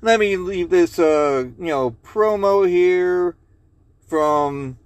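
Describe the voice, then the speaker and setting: A man's voice: high-pitched, slow pace, clean tone, dry recording. A man hosting a podcast in casual chat, rambling loosely, swearing and reading a joke aloud. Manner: rambling, loose, swears and laughs at own jokes. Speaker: podcast host.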